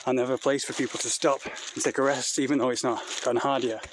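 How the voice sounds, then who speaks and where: A man's voice: medium pitch, little pitch movement, quick pace. A man talking into a handheld phone while hiking an outdoor trail, rambling and out of breath. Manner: rambling, blunt, talking while walking uphill. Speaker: vlogger. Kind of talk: casual vlog while hiking. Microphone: phone held in hand. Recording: noisy outdoor phone recording.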